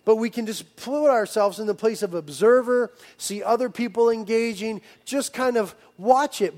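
A male pastor in his thirties delivers a sermon in a noticeably high voice. He talks emphatically, building to loud, urgent stresses and then pulling back to quiet, intimate asides. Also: normal speed, hardly any pauses. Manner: emphatic, swings between loud urging and hushed intimacy.

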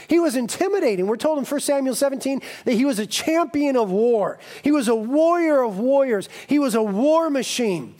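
A man preaching a sermon as pastor, animated and jokey in a conversational way. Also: high voice.

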